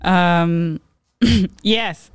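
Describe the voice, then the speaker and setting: A woman's voice: lowish voice, drawn-out words, clear, resonant tone, dry recording. A woman telling stories on a podcast, chatty, full of "like", laughing often. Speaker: podcast guest, comedian. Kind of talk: casual storytelling chat.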